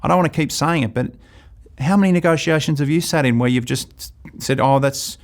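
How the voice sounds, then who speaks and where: Lively Australian sales trainer telling stories. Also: male voice, fairly high pitch, brisk. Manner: lively storytelling, acts out dialogues. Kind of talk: recorded course lecture.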